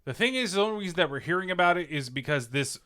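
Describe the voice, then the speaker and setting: A man's voice: sits high, expressive, racing, sharp tone. A man co-hosting a podcast, telling a profane, ranting story in casual chat. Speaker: podcast co-host.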